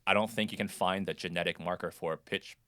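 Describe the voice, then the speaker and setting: A young man co-hosting a podcast in casual chat, halting and rambling as he explains, laughing easily. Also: sits low, fairly even intonation, fairly bright tone, no echo. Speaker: podcast co-host.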